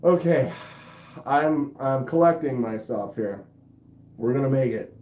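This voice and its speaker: Reading out viewer comments on his knife channel livestream, a man jokes casually and frequently breaks into giggles. He speaks a little slowly in a medium-pitched voice with lively intonation, and the recording is roomy and muffled with slight hiss or hum.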